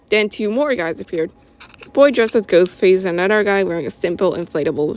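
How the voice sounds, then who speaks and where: A woman's voice: medium pitch, brisk, darkish tone, no echo. A woman reading her own story aloud in a casual way, correcting herself as she goes. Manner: informal, with self-corrections and giggles.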